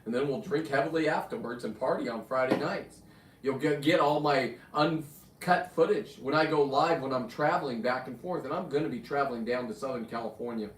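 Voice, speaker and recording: A man's voice: mid-range voice, brisk, slight background noise. A man hosting a casual live stream, chatty and rambling, with restarts and friendly asides. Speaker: livestream host, spearfisher and taxidermist. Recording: roomy room, mic at a distance.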